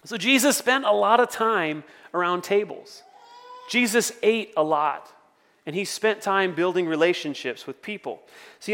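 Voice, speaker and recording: A man's voice: high-pitched, a bit bright, big-room sound. A man preaching a sermon as pastor, conversational, with storytelling asides.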